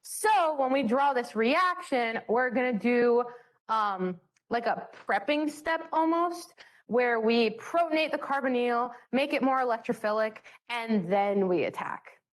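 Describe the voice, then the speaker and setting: A woman's voice: a little high, animated, a little slow. A young woman leading a chemistry study session in a bubbly, joking way. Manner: bubbly, joking, self-mocking. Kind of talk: classroom teaching.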